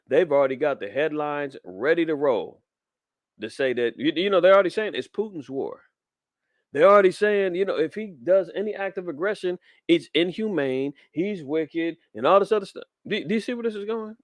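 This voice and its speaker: A man's voice: fairly high pitch, animated, brisk, dry recording, studio quality. A man, preaching fiery commentary on the news in street slang. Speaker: podcast host.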